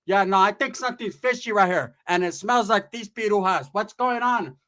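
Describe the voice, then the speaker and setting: A man's voice: high voice, normal speed, a bit bright. A man voicing a brash, foul-mouthed middle-aged aunt who talks bluntly with no filter. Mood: suspicious.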